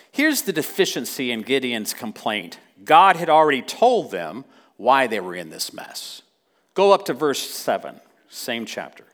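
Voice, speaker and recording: A man's voice: medium pitch, big pitch swings, a little slow, a bit bright. A man preaching a sermon, impassioned and building repeatedly to emphatic peaks. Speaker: pastor.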